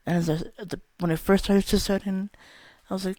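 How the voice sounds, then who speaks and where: A man's voice: sits high, flat delivery, fairly quick, darkish tone, dry recording. A young man telling a candid, rambling personal story about a spiritual experience, swearing often. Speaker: vlogger.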